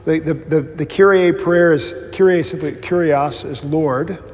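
A pastor teaches a class in a casual, rambling way, breaking into animated storytelling and joking at his own expense. His voice sits a little high for a man, and it carries a long reverb from a large hall. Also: a little slow. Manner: self-deprecating humor. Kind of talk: informal Bible class teaching.

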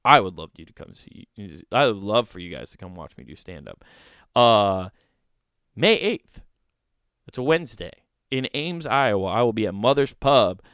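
Man, comedian podcast host, sarcastic, low voice, dry close sound. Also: very animated, normal speed, fairly bright tone, clear, resonant tone, no echo. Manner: sarcastic, mocking, laughs often. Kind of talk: casual comedic commentary.

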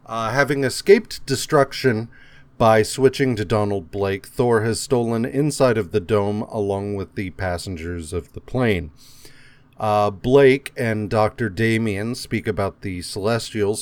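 A man speaks in a dry, close room, recapping comic book issues and reading out credits. He swears casually and sounds fed up with slow plots. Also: lowish voice, no room sound. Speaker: podcast co-host.

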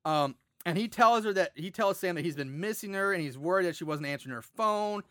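Animated high-voiced man recapping a movie. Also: fairly quick, dry recording. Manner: animated, profane, laughing retelling. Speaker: podcast co-host. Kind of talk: casual movie recap chat.

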